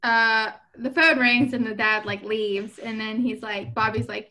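A woman's voice: on the high side, unhurried, hardly any pauses. A woman chatting casually, retelling a book plot and acting out the characters' lines with lots of "like". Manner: animated storyteller, voices characters with filler "like". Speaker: podcast co-host retelling a book. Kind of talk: casual chat, retelling a story with quoted voices.

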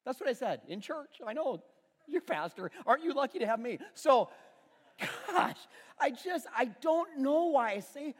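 A man's voice: very high voice, sing-song, normal speed, big-room sound. A middle-aged male pastor preaching a sermon, telling a story about his son with self-deprecating humor in a church auditorium.

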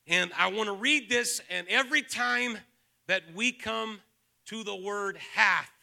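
A male pastor delivers a sermon to his congregation in a very high, piercingly bright voice. A gravelly fry runs under his words as he swings from hushed teaching to shouted, fervent preaching, urging the room to speak out loud. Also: measured pace. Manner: builds from soft-spoken to shouted, fervent preaching; calls on the congregation to respond aloud. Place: church sanctuary with a live congregation.

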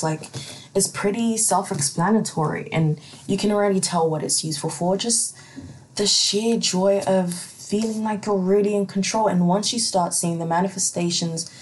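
A woman's voice: medium pitch, steady tone, normal speed, a little mellow. A woman hosting a casual solo podcast, chatty and profane, laughing often as she reads out listener questions. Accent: non-American accent. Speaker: podcast host.

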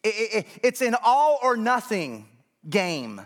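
A man's voice: very high voice, sing-song, normal speed. A male pastor delivers a sermon in a church. His tone is conversational, and he keeps asking the congregation whether they follow him.

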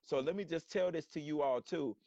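A man telling a story in casual slangy talk on a live stream, animated and acting out quotes. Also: a little high, a little fast, creaky, dull audio, slight background noise. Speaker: guest storyteller.

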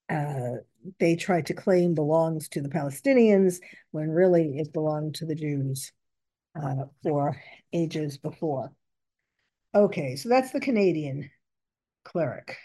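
A woman's voice: deep voice, a little slow, long pauses, mellow. A woman commenting on news reports, reading out quotes and stopping to correct herself.

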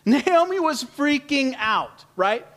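A man preaching a sermon in an animated, humorous, conversational way, swinging from loud to hushed. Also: extremely high pitch, slow pace. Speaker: pastor.

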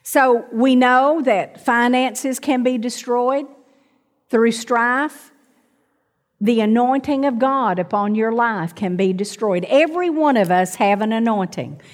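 Middle-aged woman preacher, slightly high voice, slow and deliberate, calls on the congregation, church reverb. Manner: calls out to the congregation, asks for amens. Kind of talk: sermon.

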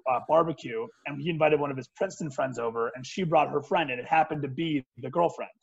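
Young male guest, slightly high raspy voice, lively storyteller, muffled lo-fi audio. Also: fast. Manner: animated anecdote teller. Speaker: podcast guest. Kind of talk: casual chat. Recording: dull lo-fi sound.

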